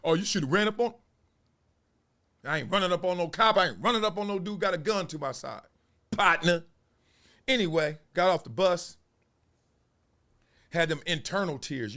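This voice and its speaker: A man from Los Angeles hosting a show, telling a story in casual street slang and acting out the scenes with laughs. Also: fairly high pitch. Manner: animated, acts out scenes with laughs. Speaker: host.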